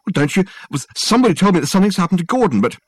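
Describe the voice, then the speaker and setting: A man's voice: high-pitched, sing-song, rapid-fire, no echo, pitched above the performer's own voice. A male audiobook narrator voicing a panicked young man who pleads in a raised, strained voice. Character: frantic young man under suspicion.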